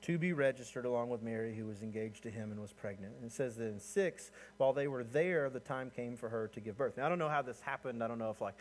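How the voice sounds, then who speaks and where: A man's voice: quick pace, few pauses, a little hiss or hum. A man preaching a sermon in a conversational, storytelling way, often asking the listeners to imagine the scene. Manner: conversational, rising in pitch and energy as he builds points. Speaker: pastor.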